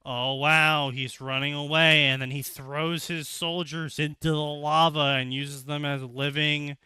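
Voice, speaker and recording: Laughing, bright-voiced man telling a story. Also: fairly high pitch, flat delivery, unhurried, clean tone, dry recording. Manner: laughing often, slipping into silly character voices. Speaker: co-host recounting a game plot. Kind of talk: comedic casual retelling with acted quotes.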